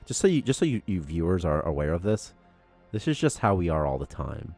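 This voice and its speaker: A man co-hosting a game development livestream in casual chat, excitable and rambling, getting heated about topics as he talks. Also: low-pitched, a little fast, faint music behind. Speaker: co-host, game programmer.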